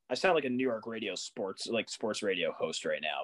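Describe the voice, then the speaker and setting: A young man co-hosting a sports podcast in a relaxed, casual chat. He gets worked up in animated rants and fires off rising, exasperated questions. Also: lowish voice, brisk, hardly any pauses. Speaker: podcast co-host.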